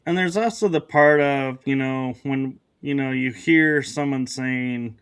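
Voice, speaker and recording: A man's voice: mid-range voice, unhurried, few pauses, clean tone, no echo. A man hosting a podcast in casual conversation, speaking hesitantly with frequent restarts and acting out quoted remarks. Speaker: podcast host.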